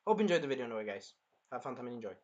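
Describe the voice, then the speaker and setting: A man's voice: mid-range voice, sing-song, very fast, lo-fi sound. A young man hosting a casual anime review, rambling with lots of fillers and acting out scenes.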